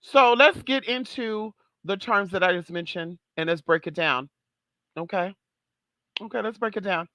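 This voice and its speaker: A sassy vlog host chats straight to camera, swearing freely and calling the audience "girl" and "honey". The voice is bright and forward, and the sound is dry and close with no room echo. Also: medium pitch, moderate pace. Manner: sassy, profane, chatty, calls viewers girl and honey. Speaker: channel host. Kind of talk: casual vlog commentary.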